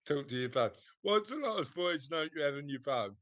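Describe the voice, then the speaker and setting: A man's voice: a little high, lively intonation, moderate pace, a bit bright, no echo. An English man hosting a podcast, teasing his co-hosts in casual banter and laughing often. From Britain. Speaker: podcast host. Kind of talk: casual chat.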